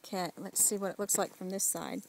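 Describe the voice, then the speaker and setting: A woman's voice: medium pitch, steady tone, a little fast, gravelly, a little mellow, a little hiss or hum, rough recording. A mother filming her small child outdoors in a backyard, talking in a playful, doting, coaxing way and laughing often. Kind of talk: home video chat with a small child.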